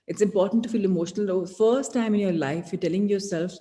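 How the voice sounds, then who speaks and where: A woman leading a self-help lesson, gentle and encouraging, repeating her key points. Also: medium pitch, quick pace. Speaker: self-help course leader. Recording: long hall reverb.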